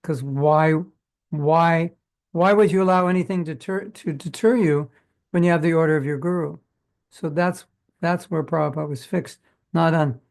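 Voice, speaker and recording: Gravelly older man teaching a spiritual class. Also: a little high, normal speed, a little mellow. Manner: conversational, acts out imagined dialogue, asks the audience questions. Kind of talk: informal sermon. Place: class at a community temple.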